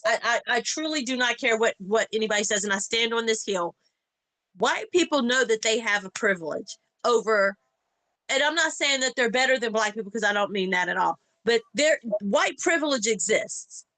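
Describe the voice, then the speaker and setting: A woman talks loosely and expressively, acting out the people in her stories. Her voice sits fairly high and bright. The sound is dry and close. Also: moderate pace, no echo, poor audio. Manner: animated, acts out quoted voices in anecdotes. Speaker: podcast co-host. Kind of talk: casual chat, storytelling.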